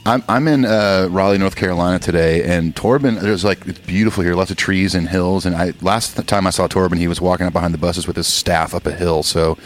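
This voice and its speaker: A man co-hosting a podcast in relaxed, joking chat, chuckling and rambling. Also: sits low, brisk, few pauses. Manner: playful, chuckling, rambling with restarts. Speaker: podcast co-host. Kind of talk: casual comedic chat.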